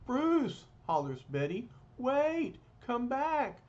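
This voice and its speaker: A man voicing a young woman who calls anxiously after her sweetheart, in a high, pleading tone, on a dull lo-fi recording. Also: big pitch swings, extremely slow, darkish tone, slight background noise, heavily acted.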